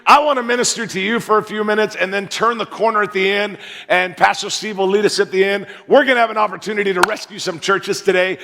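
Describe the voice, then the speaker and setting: An American man in his fifties, a guest pastor telling a joking, animated story in a sermon from a large church sanctuary. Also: high voice, quick pace, gravelly. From United States. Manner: joking, animated storyteller who plays to the crowd. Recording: reverberant church hall.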